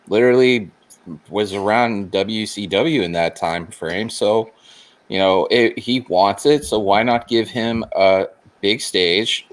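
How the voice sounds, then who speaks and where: A man with a lowish voice chats on a casual wrestling podcast. He poses questions to the others and builds his case step by step.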